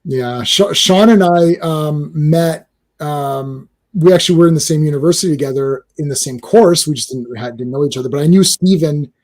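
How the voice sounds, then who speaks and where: A man's voice: on the high side, moderate pace, darkish tone, poor audio. A man from Canada hosting a casual live stream, telling rambling stories with lots of restarts and acted-out quotes. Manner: rambling storyteller, many restarts, acts out quotes. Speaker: host.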